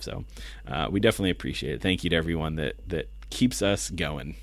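A man's voice: extremely low pitch, fast talker, no room sound. A man co-hosting a podcast in casual chat, joking and laughing often. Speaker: podcast co-host.

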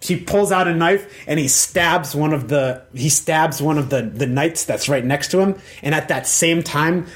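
A man's voice: fairly high pitch, normal speed, hardly any pauses. A man running a tabletop game as dungeon master, narrating the scene in a loose, rambling way full of fillers and restarts.

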